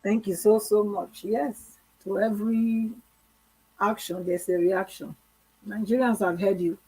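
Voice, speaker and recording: A woman host moderating a live call-in, giving calm, brief prompts to callers. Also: medium pitch, measured pace, slightly rough, poor audio.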